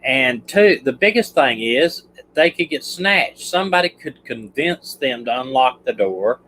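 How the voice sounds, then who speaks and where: A man's voice: mid-range voice, expressive, a little slow, a bit bright, a little hiss or hum, low-quality recording. A man with a Southern US accent, a retired detective hosting a livestream, talking through a case casually and restarting his sentences. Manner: rambling, restarts sentences, stumbles over words.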